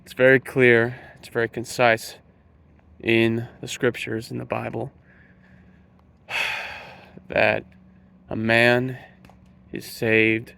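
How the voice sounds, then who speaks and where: A man speaks in an earnest preaching monologue, his mid-range voice carrying a gravelly edge. He slows down and leans on the words he wants to stress. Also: mid-range voice, completely flat delivery, fairly bright tone. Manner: slow, emphatic, stresses key words. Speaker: Christian speaker.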